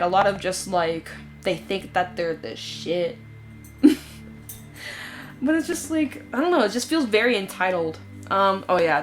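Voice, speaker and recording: A woman giving a casual tarot reading, chatty and frank, swearing freely and using lots of fillers. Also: medium pitch. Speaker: tarot reader.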